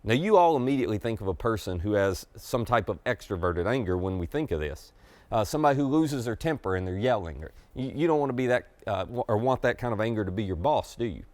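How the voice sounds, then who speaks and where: A man's voice: on the low side, expressive, quick pace, a little mellow, no echo. A middle-aged man preaching a conversational sermon to camera as pastor, confiding and emphatic.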